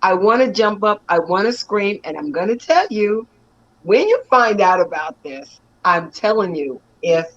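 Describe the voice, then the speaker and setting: An actress recounts her career with bubbly, animated energy, laughing often as she tells her stories. Her voice sits at an ordinary middle pitch for a woman. The stream audio is dull and lo-fi. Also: measured pace. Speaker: actress and stunt performer. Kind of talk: excited storytelling in an interview.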